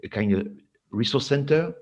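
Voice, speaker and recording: A man's voice: mid-range voice, lively intonation, normal speed, a little mellow. A man with a French accent introducing his organization in an online panel, hesitant and full of fillers. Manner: hesitant, apologetic, many fillers. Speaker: head of a civil society group. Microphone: video call. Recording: lo-fi video call audio.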